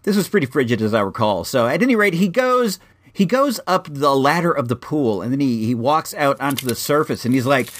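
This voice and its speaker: A man's voice: mid-range voice, a little fast. Man from Illinois telling a rambling story. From Illinois, USA. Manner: rambling, frequent restarts, animated. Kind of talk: casual spoken anecdote.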